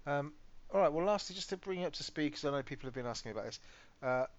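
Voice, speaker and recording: A man's voice: fairly high pitch, expressive, quick pace. A British man co-hosting a gaming podcast, chatting casually and telling stories animatedly, swearing freely. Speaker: podcast co-host. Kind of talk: casual chat. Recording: slightly muffled podcast audio.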